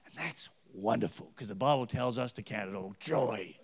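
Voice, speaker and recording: A middle-aged man with an Australian accent preaching a story-filled sermon, swinging between loud punches and hushed asides. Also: fairly low pitch, moderate pace, gravelly, noisy background. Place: church with live band. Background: faint music from a band.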